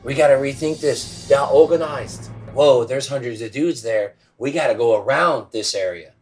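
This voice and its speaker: A man's voice: mid-range voice, moderate pace, faint music behind, natural voice. A man playing nervous enemy soldiers rethinking the attack, plain voice. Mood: alarmed. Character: panicked group of enemy soldiers.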